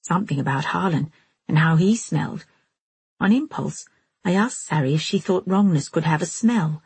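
Audiobook reader, husky low female voice, dry close mic. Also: moderate pace, no echo. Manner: steady, storytelling first-person. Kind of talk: audiobook narration.

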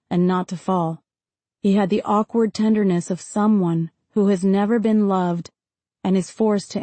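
A woman narrates a literary novel in a calm, measured audiobook reading. Her voice is mellow and warm, sitting at a middle pitch. The recording is close and dry, with no room sound. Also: dry recording. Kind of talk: scripted narration.

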